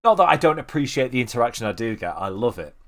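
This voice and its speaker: A man streaming a video game, chatting casually to his viewers, swearing, joking at his own expense and thinking out loud. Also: medium pitch, very animated, quick pace. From Manchester area, England. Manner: self-deprecating, swears freely, thinks aloud. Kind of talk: casual rambling commentary while gaming.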